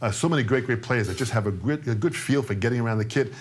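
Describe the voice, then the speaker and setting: A man's voice: mid-range voice, fast, a little hiss or hum. A man in his sixties teaching a live-streamed drum lesson, coaxing and joking as he repeats his instructions. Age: 60s.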